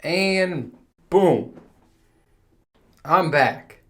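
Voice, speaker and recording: A man's voice: on the high side, lively intonation, drawn-out words, a bit bright, faint music behind. A man hosting his podcast from home, chatting casually in a rambling, profane way and laughing at himself. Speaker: podcast host. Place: home room. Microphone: home recording setup.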